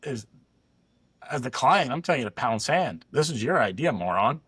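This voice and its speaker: A man gives heated, blunt commentary as a dog trainer reacting to clips. His voice is mid-pitched. The recording is close and dry. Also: sing-song, moderate pace, a bit bright, husky, dry recording.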